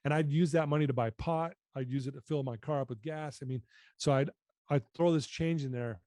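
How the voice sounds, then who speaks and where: A man's voice: fairly high pitch, brisk, warm tone, dry recording, clean studio sound. A man in his fifties telling his personal story as a podcast guest, earnest and emotional.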